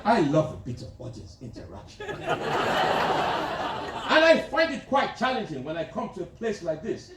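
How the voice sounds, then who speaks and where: A man's voice: high voice, wildly swooping pitch, normal speed, long pauses, heavy background noise. A man performing live stand-up as a pompous, crude, self-styled dictator president, teasing the audience in a large theater. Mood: boastful. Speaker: stand-up comedian. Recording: echoey theater from a distant mic, loud crowd.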